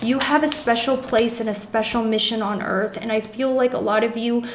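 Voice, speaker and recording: A tarot reader does a pick-a-card reading, talking earnestly and emotionally to her viewers, calling them "guys" and reassuring them often, with many fillers and restarts. Her slightly high voice has fairly even intonation and a moderate pace, in a reverberant space with a noisy background.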